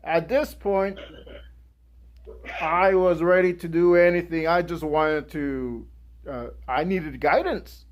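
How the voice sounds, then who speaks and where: A young man giving a guest speech, telling a personal story in an animated way and acting out the people in it. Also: on the high side, slow pace, dull audio. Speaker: guest speaker.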